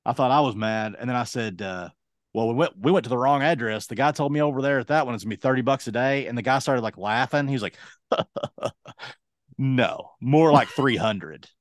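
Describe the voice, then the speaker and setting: A young man and podcast co-host telling a casual, lively anecdote, acting out other people's lines as he goes. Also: medium pitch, a little fast, no echo, clean studio sound. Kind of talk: casual storytelling.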